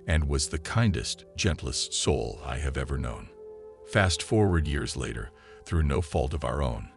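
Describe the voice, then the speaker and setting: A man narrating a listener's written story in the first person, in a calm and measured reading style. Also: a bass voice, creaky. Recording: soft music behind the voice.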